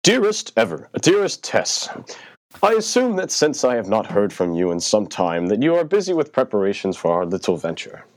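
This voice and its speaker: A man voicing a pompous, eccentric gentleman uncle, reading a letter aloud in a theatrical, lilting voice. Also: mid-range voice, pitched above the performer's own voice.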